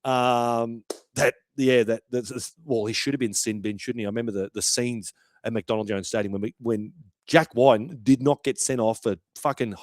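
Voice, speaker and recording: A man's voice: mid-range voice, steady tone, normal speed, dry recording. A young Australian man hosting a sports podcast in a brash, chatty way, swearing freely. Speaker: podcast host. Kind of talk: casual podcast commentary.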